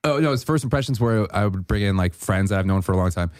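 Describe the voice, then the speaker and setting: Lively-voiced Wisconsin man. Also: fairly low pitch, fast, no room sound, studio quality. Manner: animated storytelling, acts out quotes. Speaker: podcast guest, comedian. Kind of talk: casual chat.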